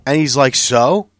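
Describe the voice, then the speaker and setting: A man's voice: mid-range voice, a bit bright, no room sound, studio quality. A man in casual chat, telling a story in a rambling, profane way with many restarts.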